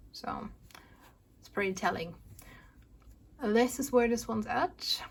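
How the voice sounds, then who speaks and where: A woman hosts a casual crafting vlog, rambling through her projects with plenty of restarts and asides. She sounds out of breath, and her voice has a gravelly, creaky fry. A faint background noise sits under the recording. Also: mid-range voice. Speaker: flosstube host. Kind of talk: casual show-and-tell vlog.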